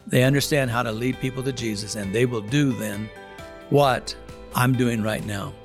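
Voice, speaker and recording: A man's voice: medium pitch, moderate pace, soft background music. A man who leads a prison Bible study tells his own testimony in an earnest, emphatic way, often repeating words. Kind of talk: spoken testimony.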